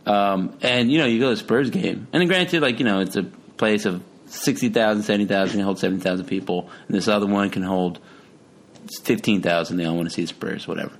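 A man's voice: lowish voice, fast talker, a little hiss or hum. A man hosting a casual chat show, rambling and joking, swearing freely.

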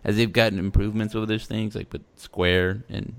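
A podcast co-host with a lowish, steady voice talks fairly quickly in loose, rambling chat. He pokes fun at himself and slips in playful put-on quotes.

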